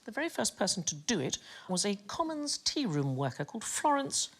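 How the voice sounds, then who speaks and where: A woman hosting a comedy panel quiz in a TV studio, a lively storyteller who teases the audience. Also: mid-range voice, a little fast. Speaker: quiz show host.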